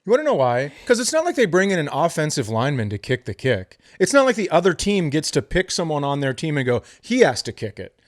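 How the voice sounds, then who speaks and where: A man's voice: a little high, big pitch swings, fast, few pauses, no echo, studio quality. A man co-hosting a casual podcast, ranting comically and swearing freely. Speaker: podcast co-host. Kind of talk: casual chat.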